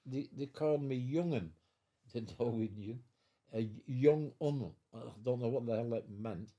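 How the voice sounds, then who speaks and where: Very old man, dark mellow voice. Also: medium pitch. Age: 90s. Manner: halting, repeats words, acts out voices in his stories. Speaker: veteran guest. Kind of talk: storytelling in an interview. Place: living room at home.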